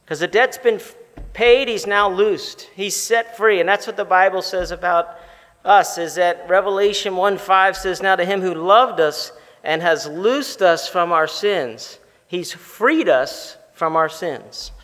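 A man preaching a sermon as pastor, animated, slowing down for emphasis and putting questions to the listeners. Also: high-pitched. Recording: long reverb of a large hall.

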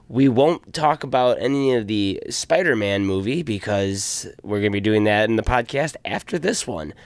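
A man co-hosting a podcast in casual chat, laid-back and quick to chuckle. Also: medium pitch, clear, resonant tone, dry recording. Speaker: podcast co-host.

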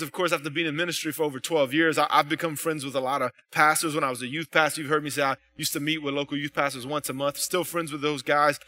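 A man's voice: fairly high pitch, pushed and bright. A man pastor giving a casual, conversational sermon, full of "you know" and "right?" asides to his congregation.

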